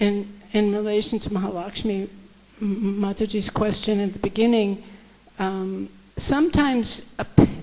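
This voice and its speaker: A woman's voice: medium pitch, a little mellow, low-quality recording. A woman from the audience adding a careful, thoughtful point to a discussion. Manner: thoughtful, careful, restarts words. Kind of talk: comment in a discussion.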